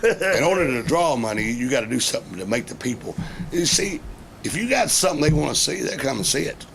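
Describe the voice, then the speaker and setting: A middle-aged man, a wrestling veteran telling profane, animated stories in a casual interview. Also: medium pitch, fast talker, creaky. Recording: noisy background.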